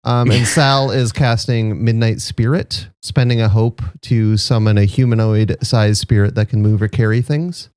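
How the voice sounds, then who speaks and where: A man's voice: on the low side, steady tone, normal speed, few pauses, a little mellow, smooth, no room sound. A man describing his character's actions in a casual, explanatory way during a tabletop game. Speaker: player.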